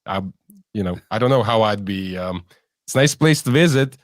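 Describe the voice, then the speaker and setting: A man talks hesitantly in a casual podcast chat, with a fairly low voice and plenty of fillers and light laughs. The sound is dry and close. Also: expressive, moderate pace, dry recording.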